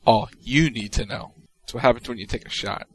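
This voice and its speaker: A man co-hosting a podcast, reading out tweets in casual chat with a wry, deadpan delivery. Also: medium pitch, a little fast, poor audio. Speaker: podcast co-host.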